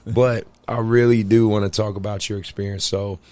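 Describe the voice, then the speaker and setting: A man hosting a podcast in a casual chat, a basketball coach who is blunt and animated, swearing and laughing. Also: lowish voice, normal speed, no room sound. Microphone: podcast microphone.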